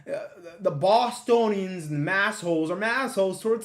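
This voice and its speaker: A man's voice: high voice, moderate pace, hardly any pauses. Guy streaming live, talking casual and gets real worked up, keeps repeating stuff. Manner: excitable, exclamatory, repeats phrases. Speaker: livestream host. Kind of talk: casual livestream commentary.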